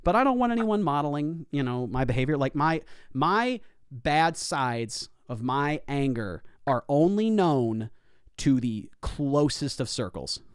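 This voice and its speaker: Lively young man hosting a chat. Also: a little high, measured pace, clear, resonant tone, dry recording, studio quality. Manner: animated, laughs often, breaks into mock singing. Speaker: host. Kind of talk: casual chat.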